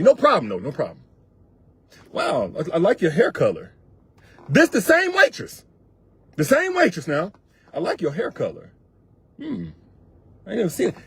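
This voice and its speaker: A male relationship coach talks straight to his audience in a high, husky voice, hammering points home with repetition and loose, colloquial phrasing. The sound is close and dry, with no room around it. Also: dry recording. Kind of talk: direct advice monologue to viewers.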